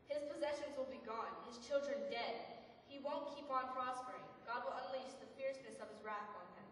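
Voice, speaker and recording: A woman's voice: sits high, fairly quick, fairly bright tone, a little hiss or hum. A woman acting a self-righteous friend who lectures and scolds, heard from far off in an echoey hall. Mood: scolding. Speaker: actor in church skit. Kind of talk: amateur stage acting.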